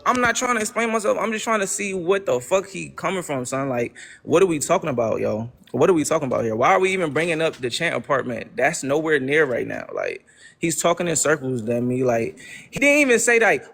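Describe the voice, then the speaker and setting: A man's voice: on the high side, big pitch swings, brisk, gravelly, fairly bright tone. A young man hosting a livestream, ranting to his chat in casual slang and repeating exasperated rhetorical questions. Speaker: livestream host.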